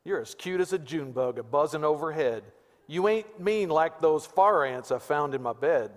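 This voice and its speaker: A man voicing a folksy Texas redneck husband who recites a love poem in a slow, hammy drawl, recorded in a reverberant church sanctuary. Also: a little high, lively intonation, close to an everyday voice.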